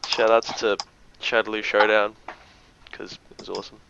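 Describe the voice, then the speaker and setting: A man's voice: fairly low pitch, little pitch movement, normal speed, creaky. An Australian man doing chatty, jokey live-stream commentary on a game match. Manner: chatty, jokey, gives shoutouts. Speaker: esports commentator. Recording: dull lo-fi stream audio, faint noise.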